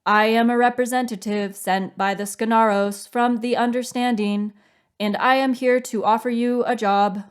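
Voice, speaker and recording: A woman voicing a robotic translator device that speaks for an alien envoy, in slow, evenly spaced words. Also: fairly high pitch, fairly even intonation, clean tone, close to an everyday voice. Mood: polite.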